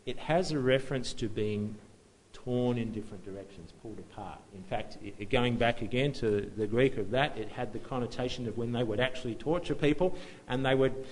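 A man's voice: mid-range voice, fairly quick, slight background noise, poor audio. A man preaching a sermon in a conversational, self-deprecating way, often restarting and chuckling at himself.

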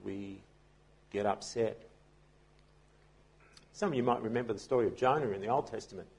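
A man's voice: lowish voice, normal speed, a little mellow, slightly rough. A man preaching a sermon as pastor, telling a story in a conversational way with frequent restarts.

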